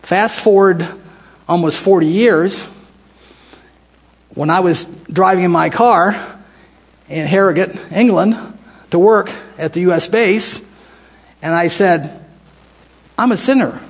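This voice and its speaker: A man's voice: sits high, slow, pauses often, husky. An older American man leading a Bible study, talking conversationally, restarting phrases and putting questions to the group. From United States. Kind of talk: casual Bible teaching to a group.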